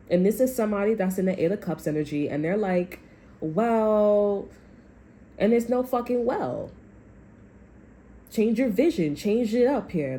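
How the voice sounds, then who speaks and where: A woman's voice: medium pitch, mellow. A woman giving a casual tarot reading, talking in a blunt, profane, rambling way. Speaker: tarot reader.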